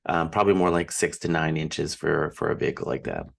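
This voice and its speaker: A man's voice: a bass voice, a little fast, creaky. A man with a Minnesotan accent hosting an interview, asking playful questions in a casual way. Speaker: podcast host.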